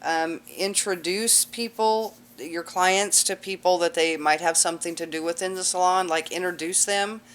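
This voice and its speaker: A woman's voice: lowish voice, fairly even intonation, moderate pace, hardly any pauses, a bit bright. A woman teaching a cosmetology class in a casual, chatty lecture with lots of fillers. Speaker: cosmetology instructor.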